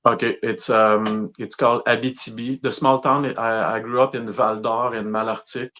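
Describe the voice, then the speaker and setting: A man's voice: medium pitch, level tone, moderate pace, sharp tone, muffled recording. A man, a musician guest telling stories in a rambling way with many fillers and restarts. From Quebec, Canada. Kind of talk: casual storytelling interview.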